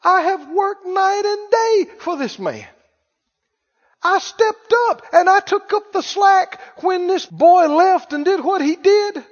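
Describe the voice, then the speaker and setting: A man's voice: extremely high pitch, lively intonation, slow, long reverb tail, lo-fi sound, voice pushed up, exaggerated voice. A man voicing an indignant, resentful elder son, a young man complaining about how unfairly he has been treated. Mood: aggrieved.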